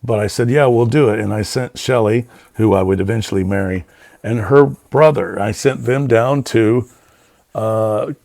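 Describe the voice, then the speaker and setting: A man's voice: on the low side, fairly even intonation, unhurried, creaky, no echo, studio quality. A middle-aged man, a production designer, chatting as a guest and telling rambling stories full of fillers. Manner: rambling, warm storytelling with many fillers. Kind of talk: casual interview chat.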